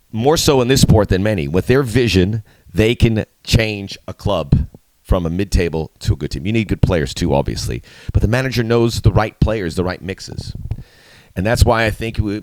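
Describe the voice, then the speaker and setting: A middle-aged man with a fairly low voice hosts a soccer preview, his pitch swinging widely as he bounces through the topics. He is playful and animated, and his punchy lines leap upward. The sound is dry and close. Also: no echo. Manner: animated, playful, with sudden emphatic jumps. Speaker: soccer show host. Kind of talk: solo video commentary.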